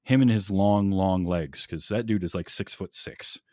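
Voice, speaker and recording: A low-pitched man talks excitedly about a film on a casual podcast. He laughs readily and restarts his sentences often, and the sound is dry and close with no room around it. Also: moderate pace, no echo. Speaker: podcast guest. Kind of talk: casual movie podcast chat.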